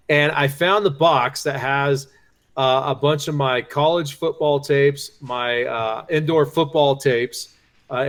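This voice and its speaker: A middle-aged man co-hosting a casual podcast, telling relaxed anecdotes in a chatty way. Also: medium pitch. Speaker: podcast co-host. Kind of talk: casual chat.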